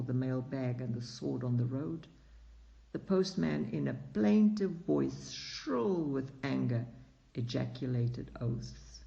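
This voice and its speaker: A man reading a classic short story aloud as an audiobook narrator, unhurried, acting out the dialogue. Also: a little high, vocal fry, dark tone. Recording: dull lo-fi recording.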